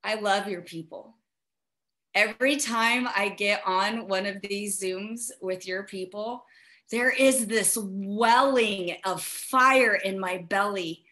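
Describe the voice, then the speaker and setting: An American businesswoman giving an emphatic motivational sales pitch over a video call, urging listeners and acting out their doubts. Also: takes it slowly, sharp tone. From United States. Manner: emphatic, urging, with acted-out asides. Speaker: guest speaker.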